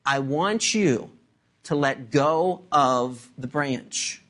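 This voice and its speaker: A preacher voicing God in a sermon story, speaking slowly and softly in a lower voice. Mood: calm. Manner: slow and gentle. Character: calm, patient voice of God.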